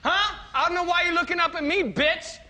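A man playing a foul-mouthed shouting president. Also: very high voice, fairly quick, exaggerated voice. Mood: insulting. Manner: shouting, profane, belligerent. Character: crude loud male president heckler. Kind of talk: sketch comedy acting.

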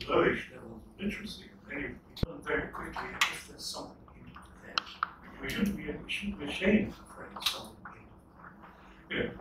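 An older man with an Irish accent answering questions after a lecture, talking in a rambling way with many restarts and repeated words. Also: on the high side. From Ireland. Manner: discursive, self-interrupting with repeated starts. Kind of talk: unscripted lecture Q&A. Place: lecture hall. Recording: echoey hall from far off, noisy.

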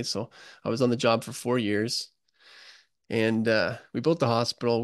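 Earnest gravelly man telling stories. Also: medium pitch, no echo, studio quality. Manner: earnest, emotional storyteller, calls the host buddy. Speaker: guest, construction author. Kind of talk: casual podcast interview.

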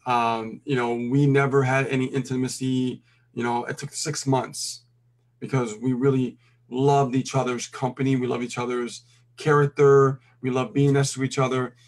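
Calm man speaking with lots of fillers. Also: medium pitch. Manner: calm, filler-heavy, checks in with "okay". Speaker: co-host. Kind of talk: casual advice talk.

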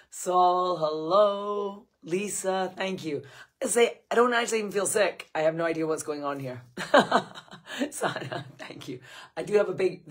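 Woman, losing her voice, husky and croaky, chatty livestream host who greets viewers by name. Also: sits low. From Scotland. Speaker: screenwriting coach hosting a livestream Q&A. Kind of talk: casual livestream chat.

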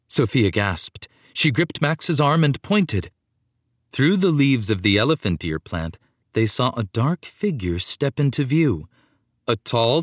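A man giving an expressive, scripted audiobook narration of a children's story. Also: medium pitch, no room sound.

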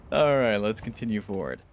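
A man commentating his gameplay, joking, swearing and yelling in bursts, then muttering low. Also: a little hiss or hum. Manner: loud, profane, jokey, swings between shouting and mutters. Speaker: gaming streamer. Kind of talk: let's play commentary.

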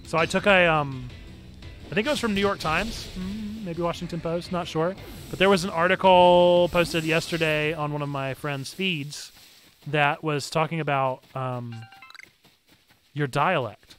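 Bright-voiced North Carolina man streaming. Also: a little high, steady tone, a little slow, faint music behind. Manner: playful, chatty, jokes with chat and the game. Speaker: game streamer and host. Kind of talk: casual gameplay stream chat.

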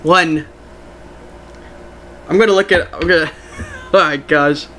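A young man streaming a game, chatting casually with his viewers in an excitable, giggly way. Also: fairly high pitch, slow, a little hiss or hum. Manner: excitable, giggly, talks to chat. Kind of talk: casual live-stream chat.

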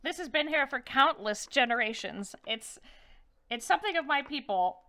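A woman voicing an ancient, frail female wereraven who is slow, fussy and easily insulted. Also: sits high, expressive, bright, forceful tone, pitched above the performer's own voice, exaggerated voice. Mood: earnest.

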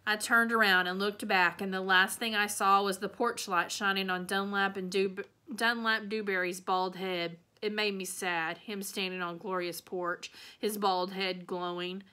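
A woman's voice: medium pitch, measured pace, hardly any pauses. A woman teacher reading the last chapter of a children's novel aloud, telling it expressively. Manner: expressive storytelling, changing voices for characters.

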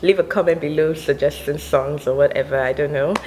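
A woman's voice: low voice, steady tone, a little fast, a little mellow, slight background noise, rough recording. A young woman from Nigeria chatting casually to her viewers as a vlogger, giggly and full of "like" fillers. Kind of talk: casual chat between sung songs.

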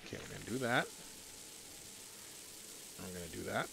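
A man commentating a live game stream, animated and chatty, talking to his in-game horse with sudden loud outbursts. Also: on the low side, normal speed, gravelly, noisy background. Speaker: gaming streamer. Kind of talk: live let's-play commentary.

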